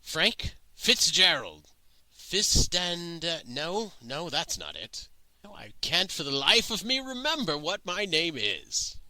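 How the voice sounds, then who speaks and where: A man's voice: fairly high pitch, huge pitch swings, slow pace, sharp tone, dry recording, voice pushed up, full character voice, rough recording. A man putting on a befuddled old wanderer. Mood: confused. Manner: mumbling, vague, rambling.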